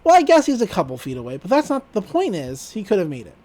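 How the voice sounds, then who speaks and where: A podcast host casually recapping a cartoon episode, animated and laughing often. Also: medium pitch, quick pace.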